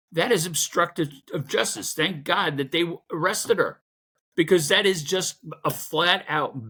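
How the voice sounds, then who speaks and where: A middle-aged man giving an angry, profane political rant, growing louder as he goes. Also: on the high side, husky. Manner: angry, profane, rising to loud outbursts. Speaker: political commentator.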